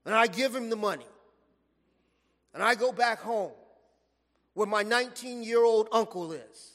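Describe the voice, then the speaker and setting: Man, preacher, sermon, very high pitch, long reverb from a large hall, emphatic storytelling. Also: a little slow. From Los Angeles, USA. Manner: animated storytelling preaching, stretched emphatic phrases.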